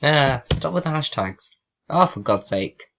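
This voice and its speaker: Slow-talking sarcastic young man. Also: mid-range voice, animated, vocal fry, a bit bright, lo-fi sound. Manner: sarcastic, swears, reads typed questions aloud. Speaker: vlogger. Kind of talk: casual chat with a chatbot.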